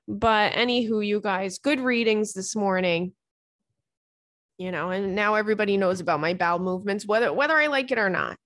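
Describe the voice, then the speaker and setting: A young woman hosts a podcast in loose, casual chat. She is blunt and chatty and curses freely. Her voice sits at an ordinary pitch, recorded dry and close with no room sound. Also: a bit bright, dry recording. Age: young adult. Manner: frank, chatty, swears freely. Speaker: podcast host.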